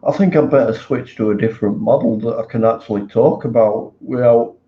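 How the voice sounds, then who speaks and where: A man co-hosting a livestream, chatting casually with a slow, wry sense of humour. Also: medium pitch, lo-fi sound, a little hiss or hum. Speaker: livestream co-host. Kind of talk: casual chat.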